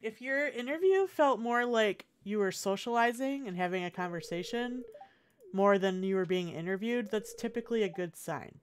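A woman's voice: mid-range voice, lively intonation, normal speed, slight background noise. A woman streamer chatting casually over gameplay, talking to herself and the chat in a chatty, encouraging way. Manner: chatty, encouraging, self-talk.

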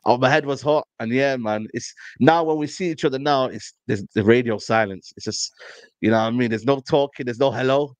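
A man's voice: medium pitch, fairly quick, no echo. Slangy man ranting about football. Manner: animated storytelling, slangy, repeats "you know what I mean". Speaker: football podcast panelist. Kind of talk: casual fan banter.

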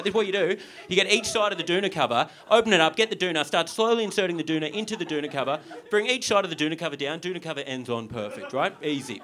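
A man's voice: fairly high pitch, animated, fast talker. A young Australian man doing a stand-up comedy set, chatty and self-mocking, with many asides to the crowd on a theatre stage.

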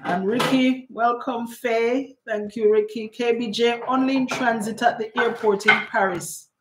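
A woman's voice: on the high side, fairly even intonation, measured pace, very noisy. A woman hosting a live cooking stream, chatting and greeting viewers by name as she reads their comments. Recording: echoey room.

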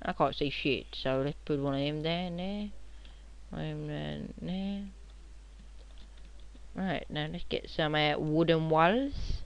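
A young man, rambling and joking as he narrates his own computer game, now and then shouting at enemies. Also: fairly high pitch, slow pace, gravelly, clear, resonant tone, highs cut off. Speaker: gamer playing on video. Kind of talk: casual game commentary.

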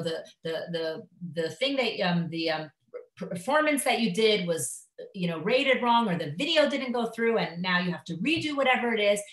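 A woman gives a live lecture in a classroom. She talks in a loose, conversational way and acts out little inner voices as she goes. Her voice has a medium pitch, and the room adds a clear echo. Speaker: teacher. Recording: echoey room.

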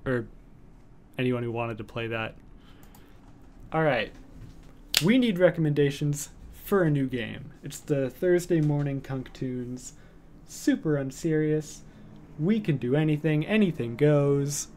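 A man streaming from home in casual chat, rambling with lots of fillers and cooing softly at his cat. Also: on the high side, unhurried, long pauses, slight background noise.

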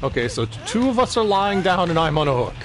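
A man's voice: sits high, big pitch swings, fast. A man giving playful, self-mocking commentary while playing a video game, exclaiming and talking to the other players. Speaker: gaming streamer. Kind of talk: let's-play commentary.

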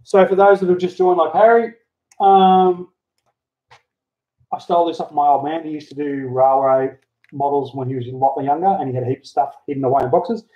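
A man giving a relaxed, chatty how-to while working on a hobby model at home, talking into a handheld camera. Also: a little high, fairly quick. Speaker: hobby model builder, channel host. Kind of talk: casual how-to crafting chat. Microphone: handheld camera mic. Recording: dull lo-fi camera audio.

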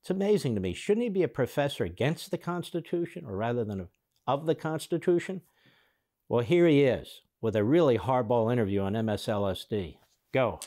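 A man's voice: mid-range voice, lively intonation, brisk, mellow. A man hosting a political commentary show, reacting to clips in a sarcastic, indignant monologue.

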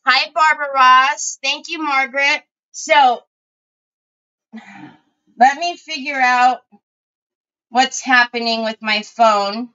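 A woman's voice: fairly high pitch, sharp tone, clean tone. A middle-aged woman hosting a craft livestream, chatting casually and greeting viewers by name. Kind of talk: casual live-stream chat. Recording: dull lo-fi home stream audio.

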